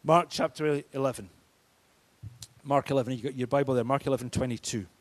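A man's voice: medium pitch, fairly even intonation, a little fast. A man preaching a sermon, emphatic and declaring, his force rising and falling. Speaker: pastor.

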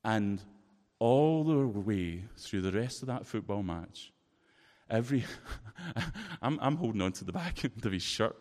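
A Scottish-accented man delivers a sermon built around a personal anecdote. His voice sits somewhat low and he tells the story expressively. The sound carries the long reverb of a big hall. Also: lively intonation, unhurried, darkish tone. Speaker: preacher.

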